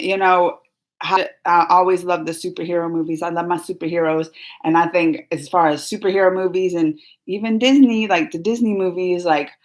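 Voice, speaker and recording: A woman hosting a live movie chat, talking in a rambling, animated way with lots of fillers and laughs. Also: mid-range voice. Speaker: host of a movie reaction livestream. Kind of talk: casual livestream chat.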